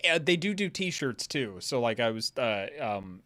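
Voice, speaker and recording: Bright-voiced man telling stories with gusto. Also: medium pitch, a little slow. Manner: animated, profane storytelling. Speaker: stream co-host. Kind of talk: casual chat.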